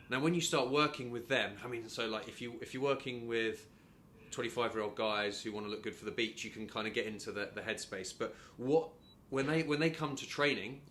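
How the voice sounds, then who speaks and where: A man's voice: mid-range voice, pushed and bright, slight background noise. A male interviewer asking questions in a casual conversation, often repeating words as he frames them. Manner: halting, repeats words while forming questions.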